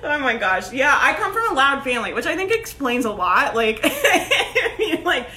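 A woman in her thirties giving a loud, emphatic motivational talk to camera, laughing often and peppering her speech with "like" and "right?". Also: high-pitched, very animated, moderate pace. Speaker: online business coach. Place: at home. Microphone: phone.

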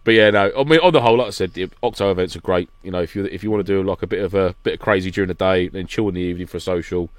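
A man's voice: deep voice, rapid-fire, few pauses, no room sound. A man telling stories in casual chat as a podcast guest, acting out what people said. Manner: animated storytelling, acting out quotes.

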